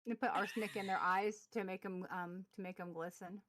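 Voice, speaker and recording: A woman in her forties co-hosts a casual podcast through a remote call mic, reading articles aloud and rambling with lots of fillers and restarts. Her mid-range voice is a bit bright and fairly even in intonation, moving fairly quickly with no echo.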